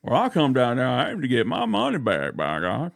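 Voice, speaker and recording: A man putting on the voice of a blustering backwoods man who threatens someone over money, with a loud, drawling, threatening manner. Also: mid-range voice, huge pitch swings, a little fast, creaky, dry recording, studio quality.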